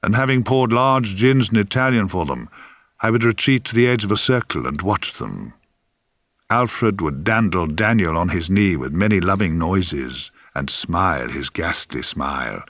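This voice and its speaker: A man narrating his own memoir with wry, theatrical relish. His voice sits low but swings widely, sinking at times to a hush. The recording is close and dry, with no room echo. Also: animated, normal speed. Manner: wry, theatrical, dropping to hushed whispers. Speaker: author reading his memoir.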